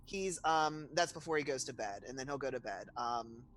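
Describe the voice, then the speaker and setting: Man, tabletop player, rambling hesitant talk, mid pitch. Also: expressive, moderate pace, fairly bright tone, slight background noise, rough recording. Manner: rambling, laughs while talking. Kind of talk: tabletop game play.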